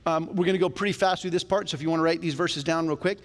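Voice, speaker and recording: Animated pastor preaching in a reverberant church. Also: male voice, a little high, very fast. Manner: conversational and animated, with jokes aside. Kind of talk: sermon. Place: church sanctuary. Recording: long reverb of a church hall.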